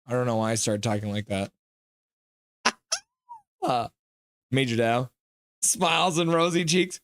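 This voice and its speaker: A man hosting a live hockey reaction stream, reading chat messages aloud, joking and reacting loudly to goals. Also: medium pitch, a little slow, pauses often, no echo. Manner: excitable, reads chat aloud and jokes.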